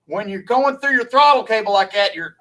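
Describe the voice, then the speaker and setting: A man's voice: high-pitched, brisk, pushed and bright, distant mic, poor audio. A man from Louisiana with a Southern accent, chatting folksily with viewers on a live stream, rambling and laughing easily.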